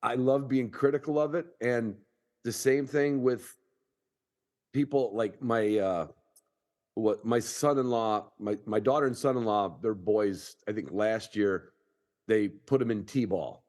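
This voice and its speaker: A man's voice: lowish voice, measured pace, darkish tone. Folksy man in his sixties, hosting. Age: 60s. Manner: folksy, wry storyteller. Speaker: podcast host. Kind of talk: casual podcast conversation.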